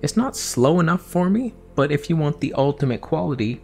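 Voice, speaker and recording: A young man talking casually in a vlog, animated, swearing and talking to himself as he reviews cameras. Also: fairly high pitch, a little fast, gravelly, soft background music.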